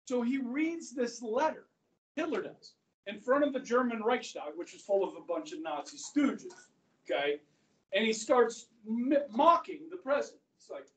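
A man's voice: very high voice, animated, moderate pace. A male history teacher giving a classroom lecture, chatty, asking the class questions and acting out quotes. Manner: conversational, asks the class questions, acts out quotes. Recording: roomy classroom audio from far off.

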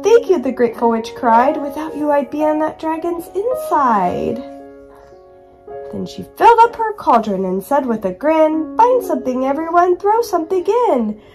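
A high-voiced woman reads a rhyming picture book aloud to her young child. Her reading is lively and sing-song, and faint music sits behind her.

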